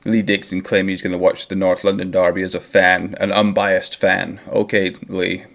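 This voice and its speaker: A man's voice: sits low, flat delivery, normal speed, vocal fry, fairly bright tone. A man hosting a football watchalong stream, talking in a rambling, opinionated, casual way. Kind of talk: casual live-stream chat.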